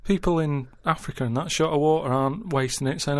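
A man's voice: fairly high pitch, fast talker, no echo. A man in casual radio chat, blunt and matter-of-fact, arguing odd ideas in plain terms. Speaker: radio show regular.

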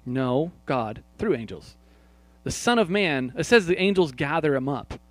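A man preaching a sermon to his congregation. He asks them questions, speaks to people by name, and swings from quiet, hushed prayer lines to loud, emphatic points. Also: a little high, animated, measured pace, dry recording, soft background music. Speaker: pastor.

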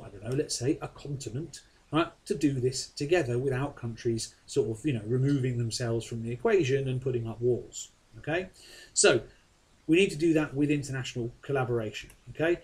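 A man's voice: mid-range voice, darkish tone, rough recording. A man, teaching a recorded science lesson in a chatty way and checking in often with his listeners. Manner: chatty, keeps checking in with "okay?" and "right?".

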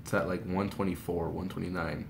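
Young guy doing a storytime, rambly and excitable, lots of yelps, echoey room. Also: low-pitched, a little fast, vocal fry. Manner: breathless, swings into loud shrieks when reenacting. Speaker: vlogger. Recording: echoey room with faint noise.

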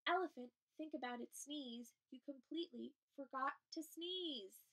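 A woman's voice: high voice, normal speed, sharp tone. A woman voicing a cheeky little gray mouse in a children's story, teasing and playful.

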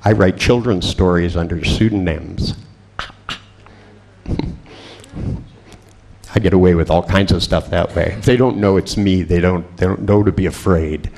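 A man with a low voice and a gravelly, fry-laden edge tells stories at a seminar. He speaks as a hypnotist, with a wry, boastful humor and frequent chuckles. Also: a little mellow. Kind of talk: anecdotal storytelling lecture.

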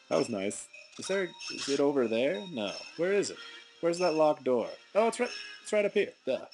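Brief: young male let's-play host, goofy and rambling, lively swooping pitch, game music under the voice. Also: moderate pace. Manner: goofy, rambling, self-mocking. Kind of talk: gameplay commentary. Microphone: desk mic at a computer.

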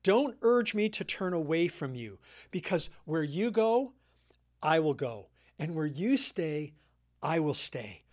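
A man's voice: on the high side, big pitch swings, slow pace. A man reading the firm, solemn vow of a stubborn, devoted young widow during a sermon. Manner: firm, solemn, read aloud.

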